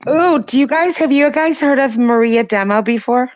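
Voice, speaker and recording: A woman co-hosting a late-night livestream chat, ranting emphatically and rapidly with plenty of profanity. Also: high voice, lo-fi sound. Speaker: livestream co-host.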